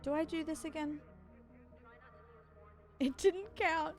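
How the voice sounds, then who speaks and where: A young woman streams a game and chats casually with her viewers, reacting out loud and swearing from time to time. Her voice sits high and she speaks slowly, with faint music in the background.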